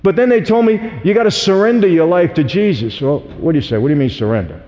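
A man's voice: on the high side, fast talker. A man giving an earnest, emphatic personal testimony to an audience, telling his story straight to the listeners. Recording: dull lo-fi audio with long hall reverb.

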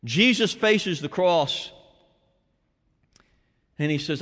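Male pastor mid-sermon, expressive high voice with long church-hall reverb. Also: unhurried. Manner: dramatic preaching, dropping to hushed tones and rising to shouts.

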